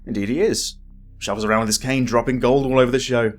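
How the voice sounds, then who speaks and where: A man voicing a suspicious, gruff local man in a tavern in a game, curt and scornful toward outsiders. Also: medium pitch, fairly even intonation, fast, soft background music, lightly acted.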